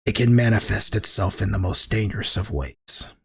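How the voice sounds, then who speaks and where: A man voicing a proud, menacing male vampire lord who speaks low and slow. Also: slightly rough. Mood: ominous.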